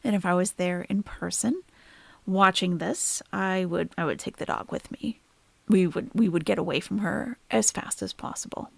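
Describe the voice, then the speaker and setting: A woman with a fry-edged voice talks loosely to her livestream audience, shifting between soft-spoken comments and blunt, profane remarks. She sounds close to a desk mic in a dry, deadened room. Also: lowish voice, normal speed, no echo. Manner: chatty, swings from soft sympathy to blunt profane ranting. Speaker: reaction livestream host.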